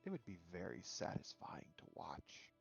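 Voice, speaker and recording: A man voicing a sly male tempter in a hushed, coaxing whispered role-play, with a gravelly voice. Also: low-pitched, wildly swooping pitch, normal speed, dull audio, soft background music, exaggerated voice.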